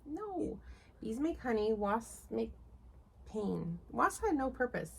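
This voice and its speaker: A woman's voice: on the high side, takes it slowly, creaky, husky. A middle-aged Canadian woman co-hosting a knitting podcast, chatting casually with wry, grumbling humor. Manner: wry, grumbling, animated storytelling. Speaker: podcast co-host. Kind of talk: casual chat. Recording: faint background noise.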